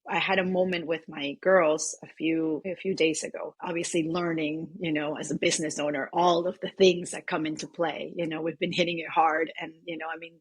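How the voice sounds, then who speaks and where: A woman's voice: low voice, flat delivery, fairly quick, hardly any pauses, slightly rough, no echo. A woman from Venezuela, an optometrist in her thirties or forties, telling personal stories in an interview with lots of "you know" fillers. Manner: warm, rambling, many "you know" fillers. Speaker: optometrist and practice owner, guest. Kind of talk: emotional personal storytelling in an interview.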